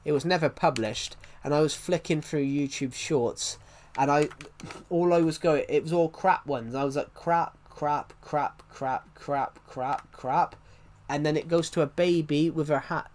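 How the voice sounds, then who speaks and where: Young guy streaming w a blocked nose, rambly, keeps restarting, swears, kinda high voice. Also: fairly even intonation, normal speed, darkish tone. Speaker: live streamer. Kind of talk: casual live-stream chat.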